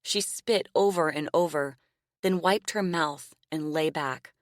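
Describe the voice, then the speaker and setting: A woman narrating a novel audiobook in a measured, expressive reading style. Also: low-pitched, no room sound, studio quality. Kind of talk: scripted narration.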